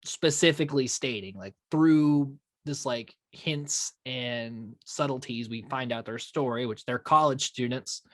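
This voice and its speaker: A man's voice: medium pitch, measured pace, few pauses, no room sound, studio quality. A man co-hosting a podcast, chatting casually about a horror film, laughing often and restarting his sentences. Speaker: podcast co-host. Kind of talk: casual movie review chat.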